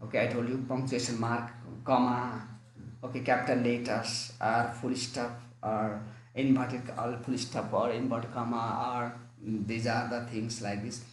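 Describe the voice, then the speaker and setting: A man's voice: mid-range voice, little pitch movement, measured pace, slight background noise. A man with a Nepali accent teaching an online English lesson, repeating and restarting his phrases for emphasis. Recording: echoey room.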